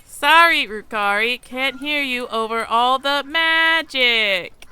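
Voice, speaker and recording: A woman's voice: sits high, slow pace, pushed and bright, smooth, heavily acted. A woman voicing a sprightly, teasing AI companion in a game, sarcastic and playful.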